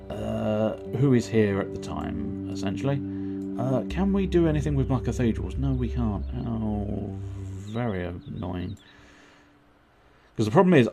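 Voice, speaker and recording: A man's voice: medium pitch, vocal fry. A man casually commenting on a board game he plays live, chatty and self-mocking, with plenty of swearing. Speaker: livestreamer playing board games. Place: at home.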